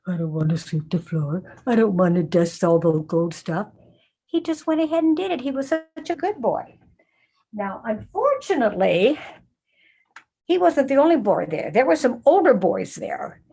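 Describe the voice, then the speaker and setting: An older woman telling a Bible story to children in a lively way, often asking them questions. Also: high voice. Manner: animated, asks children questions.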